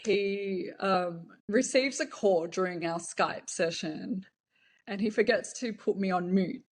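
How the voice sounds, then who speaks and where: A woman talking candidly as an interview guest, telling her stories openly. Her voice sits at a middle pitch and her delivery is relaxed and conversational, with hesitant fillers along the way. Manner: frank, laughs now and then, hesitant fillers. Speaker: interview guest, former cam model.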